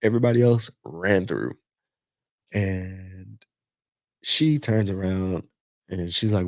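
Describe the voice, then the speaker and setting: A man's voice: deep voice, slow, long pauses, no echo. A middle-aged man hosting a podcast, telling a long military story in a casual, profane way and acting out the voices of the people in it. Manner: profane, animated retelling with quoted voices. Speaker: podcast host.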